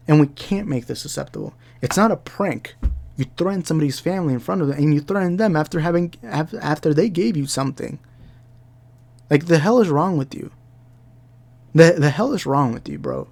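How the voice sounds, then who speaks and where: A man's voice: on the high side, animated, brisk, vocal fry, a little mellow. A young man giving heated commentary, ranting and repeating himself as he talks. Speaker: commentary YouTuber. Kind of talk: angry reaction commentary.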